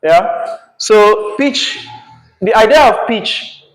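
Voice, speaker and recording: A man's voice: high voice, lively intonation, very slow. A male teacher, teaching a class patiently and checking in often with "yeah?" and "right?". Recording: echoey classroom.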